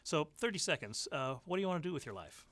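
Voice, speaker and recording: Quick-talking male interview host. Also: fairly high pitch, very animated, background noise. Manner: brief encouraging prompts and questions. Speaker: show host. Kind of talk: studio interview hosting. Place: television studio.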